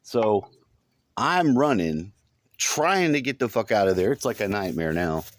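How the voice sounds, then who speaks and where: A man's voice: lowish voice, big pitch swings, unhurried. A man telling a long dream in a rambling, casual monologue, swearing often and repeating himself. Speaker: vlogger recounting a dream.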